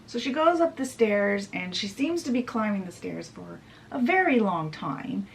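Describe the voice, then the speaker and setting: Lively, chatty woman retelling a story. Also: mid-range voice, normal speed, creaky, a little hiss or hum, rough recording. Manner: chatty, animated retelling with asides. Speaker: book reviewer. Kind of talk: casual storytelling summary.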